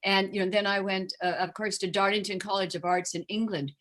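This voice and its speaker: Here an older interview guest talks briskly in a mid-range, fairly bright voice, her delivery flat. The chat is casual and rambling, thick with fillers, and she adopts voices when repeating what others said.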